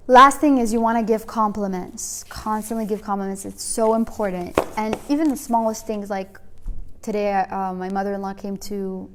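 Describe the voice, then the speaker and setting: Young woman, casual class talk, chatty, lots of fillers, mid-pitched voice. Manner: chatty, filler-heavy, acts out little dialogues. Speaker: teacher of a women's class.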